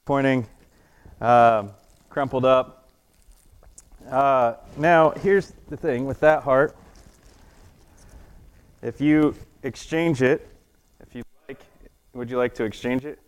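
This adult man's medium-pitched voice is smooth, and he moves slowly with long pauses. As a children's church teacher, he gives a playful, chatty children's sermon with an object lesson, often quizzing the kids and laughing along with his own jokes.

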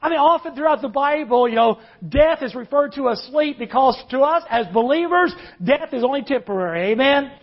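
A man preaching a sermon, earnest, drawing out key phrases slowly. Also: extremely high pitch, animated. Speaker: pastor. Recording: dull lo-fi recording.

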